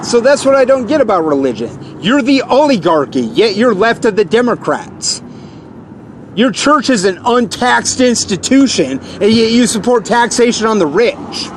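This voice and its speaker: A man in his forties with a high-pitched voice, venting a repetitive, accusing rant. He keeps hammering the same lines and keeps pushing himself louder. Loud traffic noise rumbles behind him outdoors. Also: very animated, normal speed. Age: 40s. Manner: repetitive, accusing, escalating into shouted outbursts. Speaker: vlogger. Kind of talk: angry rant to camera.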